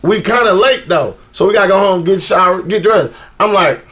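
A man telling a story to friends in casual chat, animated and laughing, acting out quotes. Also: high voice, normal speed. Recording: noisy room recording.

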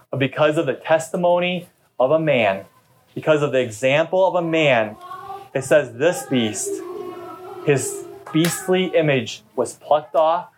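A man's voice: a little high, slight background noise. A middle-aged man, a pastor, preaching a sermon in a chatty, storytelling way during a church service. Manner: conversational storytelling preacher, talkative.

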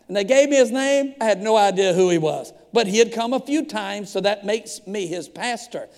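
Animated preacher telling stories in a hall. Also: male voice, high voice, moderate pace, few pauses. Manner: animated storyteller acting out dialogue. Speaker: pastor. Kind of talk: storytelling sermon. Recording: long hall reverb.

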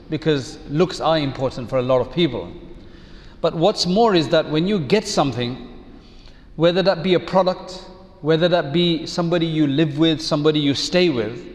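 A man giving a measured, reflective sermon as an Islamic preacher, using rhetorical questions. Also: fairly high pitch, big-room sound.

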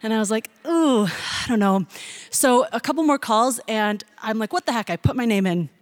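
A young woman telling a funny personal story to an audience, animated and laughing, mimicking excited voices. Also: on the high side, fairly quick, no room sound.

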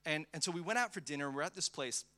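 Bright, animated male pastor preaching. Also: a little high, very fast. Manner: animated, conversational, lots of restarts and acted-out quotes. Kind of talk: sermon with personal storytelling. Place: church.

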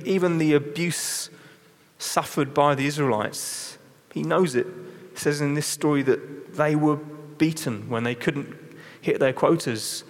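Preacher man in a reverberant hall. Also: a little high. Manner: earnest, repeats words, reads scripture slowly. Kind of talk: sermon. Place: large church hall.

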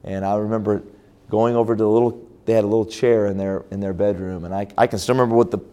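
A man's voice: fairly low pitch, fairly even intonation, quick pace, warm tone, lo-fi sound. A man preaching as a pastor at a church conference, telling a personal story with frequent restarts and fillers. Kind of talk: sermon testimony.

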